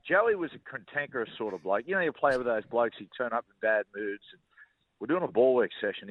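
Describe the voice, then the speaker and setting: A middle-aged former rugby league player from Newcastle, Australia, tells stories as a radio guest in a casual interview, colloquial and chuckling, stumbling over and repeating words. His voice is lowish with no room sound, and the broadcast audio is dull and muffled.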